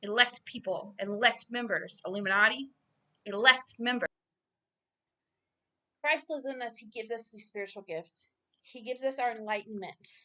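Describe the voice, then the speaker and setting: A woman giving an informal Bible reading and sermon, earnest and growing loud and emphatic as she preaches. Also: a little high, moderate pace, pauses often. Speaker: self-styled preacher.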